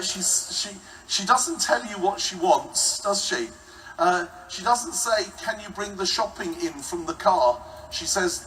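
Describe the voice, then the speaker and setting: A man preaches a sermon in a high, bright voice, playful and acting out the people he quotes. He sounds set back from the mic, with faint noise in the room. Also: far from the mic, poor audio. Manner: humorous, acts out quoted voices.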